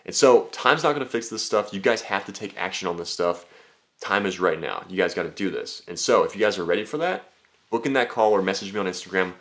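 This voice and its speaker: A young man talking casually as a dating coach, brash and full of swearing, often slipping into high mocking voices. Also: animated, quick pace, fairly bright tone. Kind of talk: casual talking-head monologue.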